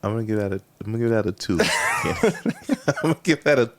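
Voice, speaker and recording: A man's voice: mid-range voice, wildly swooping pitch, fairly quick. A man, a comedian, chatting casually and frankly critiquing a friend's joke ideas, laughing often. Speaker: comedian giving feedback. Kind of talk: casual chat.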